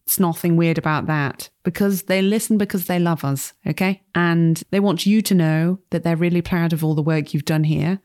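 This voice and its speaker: A woman's voice: on the low side, moderate pace, hardly any pauses, a little mellow, close to an everyday voice. A woman playing a pushy male studio executive in a tabletop game, salesy and always ending on "okay?". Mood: smarmy. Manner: salesy, keeps tacking on "okay?". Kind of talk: tabletop role-play character voice.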